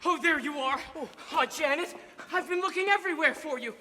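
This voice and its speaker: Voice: high-pitched, brisk, bright, forceful tone, a little hiss or hum. A student playing an earnest, lovestruck young groom in a school stage musical, pleading and bumbling. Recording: auditorium reverb with music.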